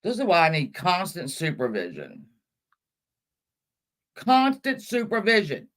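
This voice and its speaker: A woman hosting a casual livestream with a lively, swooping voice. She talks in a scattered, chatty way to her viewers. She curses often and mocks herself. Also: lowish voice, a little slow. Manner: scattered, chatty, cursing, self-mocking. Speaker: livestream host.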